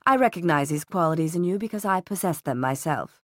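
A woman voicing a ruthless middle-aged male villain who speaks in a calm, cutting, measured way. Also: fairly low pitch, dry recording, clean studio sound. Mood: cold disdain.

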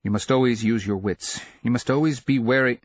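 A man's voice: mid-range voice, brisk, no echo, muffled recording, pitched above the performer's own voice, natural voice. A man voicing a stern, anxious noble mother who is an empress, speaking firmly and admonishing a child in an audiobook. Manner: firm, admonishing. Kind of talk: audiobook character reading.

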